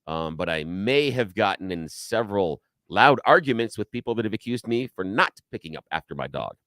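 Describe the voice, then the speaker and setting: Animated man telling a story on talk radio. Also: fairly low pitch, brisk, no room sound, studio quality. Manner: animated storyteller, acts out shouting quotes. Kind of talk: casual talk radio chat.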